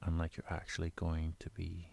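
Low gravelly guy chatting tips from his bedroom, kinda flat and rambly. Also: moderate pace. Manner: relaxed, rambling explanation with filler phrases. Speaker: audio creator giving tips. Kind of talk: casual instructional talk.

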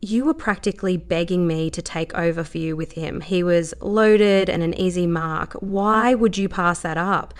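A woman's voice: lowish voice, normal speed, few pauses, lightly acted. A woman voicing a brash, teasing redheaded young woman who talks crudely and with easy confidence.

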